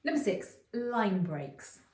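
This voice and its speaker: A middle-aged woman teaching creative writing in a chatty, explanatory video lesson, often pausing with ums and restarting phrases. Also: mid-range voice, sing-song, darkish tone, far from the mic. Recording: roomy echo, voice a bit off-mic.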